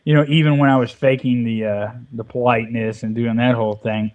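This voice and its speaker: A man's voice: mid-range voice, fairly even intonation, fairly quick, darkish tone, muffled recording. Profane ranting man. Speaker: Minecraft let's play co-host. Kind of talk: casual gaming chat. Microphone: headset or desk mic, volume fading at times.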